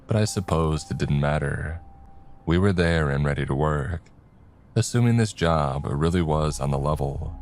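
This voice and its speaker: Very deep-voiced man narrating horror. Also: darkish tone, slight background noise. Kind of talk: scripted horror story narration.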